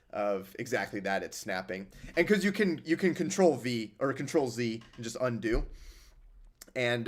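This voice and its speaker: A young man hosting a casual livestream, rambling and sarcastic as he answers chat. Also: medium pitch. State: injured hand. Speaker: livestream host.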